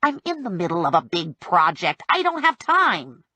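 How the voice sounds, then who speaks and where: A woman's voice: fairly low pitch, big pitch swings, normal speed, sharp tone, dry recording, pitched below the performer's own voice, exaggerated voice. A woman doing a whiny little indignant man. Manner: whiny and self-righteous. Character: small, fussy, indignant man.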